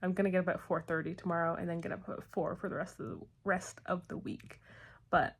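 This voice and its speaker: A young adult woman chatting late at night with a slight lisp from retainers, tired but excited. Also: fairly low pitch, fairly quick, husky.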